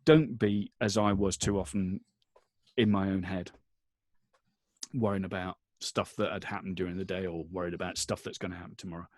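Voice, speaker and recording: A father appears as a guest on a podcast in casual interview chat, earnest and rambling with many restarts, and at times emotional to the point of choking up. His deep, darkish voice has fairly even intonation at a moderate pace, in clean studio sound with no echo.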